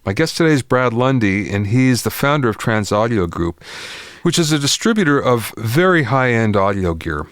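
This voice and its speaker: A man hosting a podcast, casually talking through a product in a relaxed, enthusiastic, conversational way. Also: medium pitch, normal speed, dry recording, clean studio sound. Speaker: podcast host. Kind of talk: casual spoken product review.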